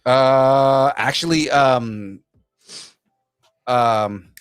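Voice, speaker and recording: A man co-hosting a pop culture podcast, rambling and halting with lots of fillers. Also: medium pitch, clear, resonant tone, no echo, clean studio sound, soft background music. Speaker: podcast co-host. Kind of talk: casual pop culture chat.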